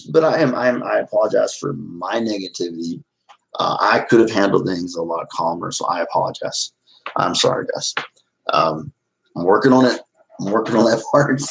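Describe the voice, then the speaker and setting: Here a middle-aged man chats casually with his live-stream audience in a lowish, creaky voice, captured on a rough recording. Restless and rambling, he keeps restarting, moving from agitation to apology.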